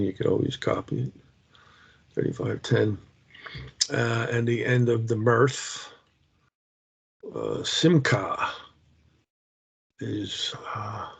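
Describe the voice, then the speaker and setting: A man's voice: fairly low pitch, creaky, breathy edge. A man teaching a Bible word study over a video call, reading scripture aloud and talking casually with restarts. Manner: slow, reads scripture aloud, with many fillers and restarts. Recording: dull lo-fi video call audio.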